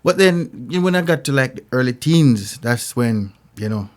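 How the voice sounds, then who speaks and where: Jamaican male singer, interview guest, animated storyteller, mid-pitched. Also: normal speed. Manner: animated, acts out voices in stories.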